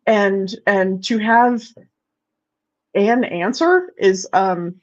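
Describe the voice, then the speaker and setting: A woman's voice: mid-range voice, expressive, drawn-out words. A woman hosting a casual chat, speaking candidly with swearing and frequent restarts. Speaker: host. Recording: dull lo-fi sound.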